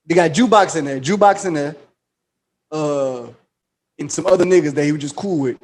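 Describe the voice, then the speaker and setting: Speaking fairly quickly in a fairly high voice, this podcast co-host recaps a show's storyline with slang and swearing. He tells it with lively energy and acts out what the characters say.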